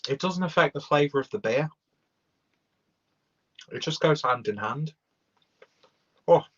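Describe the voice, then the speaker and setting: A man's voice: fairly high pitch, lively intonation, a little slow, husky. A young man giving a rambling, sweary, casual live-stream beer review, talking while chewing. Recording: dull lo-fi stream audio.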